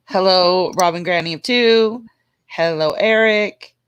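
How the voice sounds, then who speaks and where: A woman who is hoarse from a cold, co-hosting a casual livestream and greeting viewers by name. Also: on the low side, unhurried, no echo. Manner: greets viewers by name one after another. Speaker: livestream co-host.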